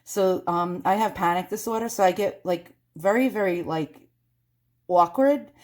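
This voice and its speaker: A woman's voice: lowish voice, a little slow, darkish tone. A woman with a New York accent chatting in a casual vlog, nervous and self-deprecating, rambling with lots of fillers and restarts. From Long Island, New York. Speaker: vlogger.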